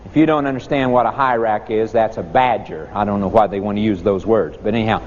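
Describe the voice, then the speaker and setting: Country preacher guy, sing-song pitch jumps all over, muffled recording w/ faint hiss. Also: expressive, a little fast, few pauses. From rural countryside. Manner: folksy storytelling, swooping pitch. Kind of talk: sermon. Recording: dull echoey hall recording.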